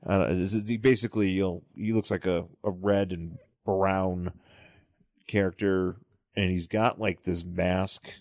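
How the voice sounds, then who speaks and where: A man with a lowish voice talks through a comic book on a podcast, rambling and restarting his sentences as he goes. The sound is close and dry, with no room around it. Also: fairly even intonation, a little mellow, no echo. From New York area. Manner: rambling, halting, many restarts. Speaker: podcast co-host. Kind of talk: casual comic book chat.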